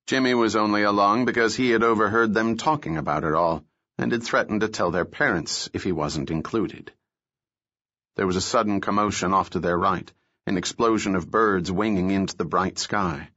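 A man reading a novel aloud as an audiobook, telling the story in a steady, measured way. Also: fairly low pitch. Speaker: narrator. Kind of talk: scripted audiobook narration. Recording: dull lo-fi recording.

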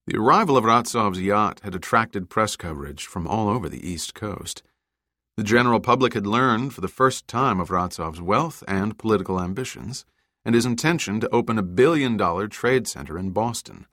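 A man reading a novel aloud as an audiobook narrator, in a measured, even storytelling delivery. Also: lowish voice, no room sound, clean studio sound. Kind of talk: scripted narration.

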